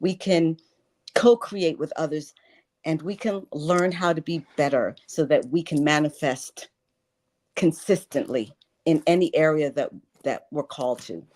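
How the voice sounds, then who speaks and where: Low-voiced woman in her sixties, earnest. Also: unhurried, a little mellow. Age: 60s. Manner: earnest, emphatic, repeats phrases for stress. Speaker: guest, life and wealth coach. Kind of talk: spiritual interview talk.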